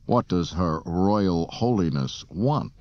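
A man's voice: medium pitch, sing-song, normal speed, dry recording, dull audio, pitched above the performer's own voice, natural voice. A man voicing a brash, impatient male starship captain in an audiobook, speaking curtly. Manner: curt and snappish.

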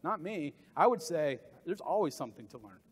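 A middle-aged man from the American South giving a motivational sales talk at a conference, animated and jokey, acting out voices for the people he quotes. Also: on the high side, a little fast, slightly rough. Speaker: keynote sales speaker. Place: large conference hall. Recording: long hall reverb.

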